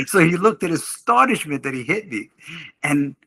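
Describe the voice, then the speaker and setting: A middle-aged man, a podcast guest, telling a story in casual talk, animated and laughing often as he acts out what others said. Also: a little high, moderate pace, no echo. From Canada. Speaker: podcast guest, martial arts instructor.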